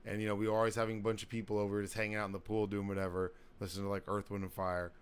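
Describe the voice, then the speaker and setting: A man's voice: on the low side, monotone, very fast, clear, resonant tone. A man in his thirties, a podcast host, telling old party stories in casual chat and swearing freely. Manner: laid-back storytelling, heavy swearing.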